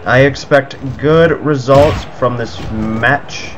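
A man giving excitable let's play commentary, breaking into panicky outbursts and cursing. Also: mid-range voice, slow pace. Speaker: gaming video creator. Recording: slightly muffled audio with game music. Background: video game music.

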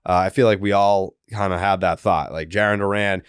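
Smooth-voiced sarcastic podcast host. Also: male voice, deep voice, steady tone, a little fast, no echo, studio quality. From Boston area. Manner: sarcastic, rambling, swears freely. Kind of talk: casual sports podcast chat.

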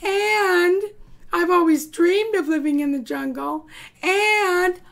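A woman voicing a little eager male frog in a storybook read-aloud, squeaky and whimpering. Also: slow pace, creaky, fairly bright tone, heavily acted. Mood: pleading.

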